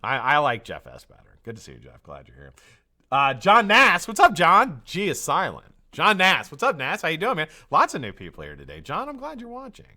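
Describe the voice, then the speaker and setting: Lively, chatty American live stream host. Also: male voice, fairly high pitch, brisk. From United States. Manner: lively, chatty, jumps between shout-outs and tangents. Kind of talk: casual live chat greeting viewers. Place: home studio.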